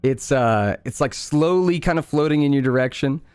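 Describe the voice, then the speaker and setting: A man narrating as game master in a tabletop game, unhurried and full of fillers. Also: medium pitch, smooth, dry recording, faint music behind. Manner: relaxed, many fillers, unhurried.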